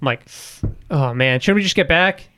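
A young man with a fairly high, crisp voice tells a rambling story on a casual podcast. He swears freely and acts out every quoted line as he goes. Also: expressive, moderate pace, sharp tone. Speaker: guest storyteller.

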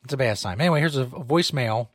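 A man's voice: mid-range voice, lively intonation, fast talker, no room sound, studio quality. A man hosting a comedy podcast, talking in a loose, rambling, self-mocking way, often swearing. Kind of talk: casual, profane show banter. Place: small home studio.

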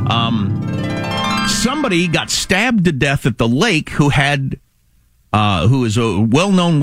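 Lively-pitched middle-aged man rambling on talk radio. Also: no room sound, studio quality. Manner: rambling, conversational storytelling. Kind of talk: casual talk radio chat.

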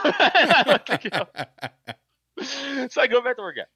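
Animated, laughing man telling a story. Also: very high voice, measured pace. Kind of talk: casual storytelling.

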